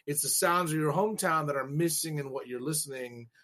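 A man's voice: on the high side, brisk, a bit bright. Eager male radio host. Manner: eager, agreeing often. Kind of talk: casual interview chat.

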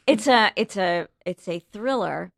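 A woman's voice: medium pitch, animated, a little slow, gravelly, no echo, clean studio sound. A woman actress chatting as a guest on a podcast, talking loosely with frequent ums and self-restarts. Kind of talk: casual podcast chat.

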